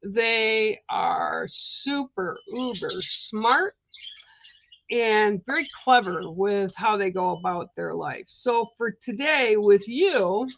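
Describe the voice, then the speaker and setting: A woman giving a casual live card reading, talking in an unhurried, hesitant way with fillers and restarts. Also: medium pitch, expressive, creaky, fairly bright tone, dry recording, lo-fi sound. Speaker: card reader.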